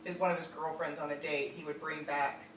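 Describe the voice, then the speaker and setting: Halting woman telling a family memory. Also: deep voice, flat delivery. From Virginia, United States. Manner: halting, with many fillers and restarts. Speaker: storyteller. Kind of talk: personal storytelling. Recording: roomy echo, distant mic, faint noise.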